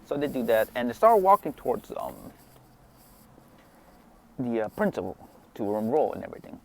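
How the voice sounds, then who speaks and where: A man's voice: mid-range voice, very animated, moderate pace, gravelly. Rambling young man telling a story. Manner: rambling, self-correcting with fillers. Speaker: amateur storyteller. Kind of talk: improvised story narration.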